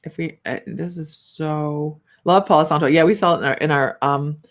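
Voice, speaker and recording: A middle-aged woman hosts a psychic livestream, reading out viewer comments as she chats casually and rambles, with many fillers and restarts. Her deep voice holds a steady tone at a normal speed.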